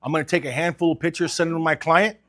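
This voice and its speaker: A man's voice: on the high side, fairly even intonation, rapid-fire, fairly bright tone. A man coaching car salespeople, talking with energy and urgency and acting out sales calls. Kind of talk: sales training talk.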